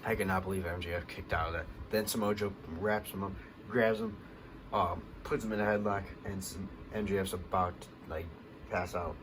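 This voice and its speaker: A low-voiced man recaps a wrestling show for his vlog in a loose, rambling way, full of "like" and "um." He gets more worked up as the action heats up. Clear background noise runs under the whole recording. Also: normal speed. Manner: rambling, many fillers, gets excited at big moments. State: hiccups.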